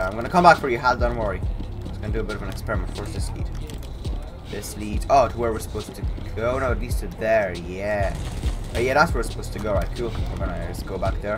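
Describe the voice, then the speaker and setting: A man giving let's-play commentary while gaming, excitable and often shouting at the game. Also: lowish voice. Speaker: gameplay commentator.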